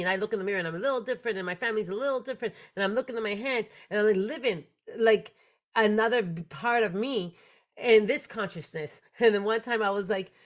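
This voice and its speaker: A woman hosting a spiritual podcast, telling a personal story in an earnest, animated way. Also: mid-range voice. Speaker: podcast host.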